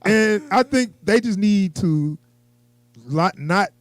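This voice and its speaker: A man co-hosting a podcast, talking with a slightly high voice. He chats casually and gets animated when he acts out other people. The sound is dry and close. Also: slow, dry recording. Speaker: podcast co-host. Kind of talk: casual chat.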